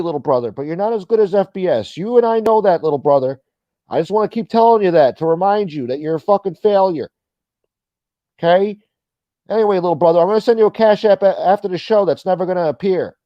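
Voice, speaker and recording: A man's voice: high-pitched, no echo, lo-fi sound, voice pushed up. A man putting on the voice of a boastful, rambling, dim-witted grown man who drawls and mocks himself. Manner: slow, drawling, self-mocking, profane.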